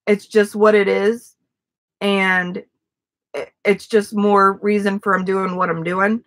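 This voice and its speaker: A woman's voice: medium pitch, level tone, takes it slowly. A middle-aged woman chatting casually on a livestream from a front yard, rambling with many fillers and restarts. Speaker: vlogger.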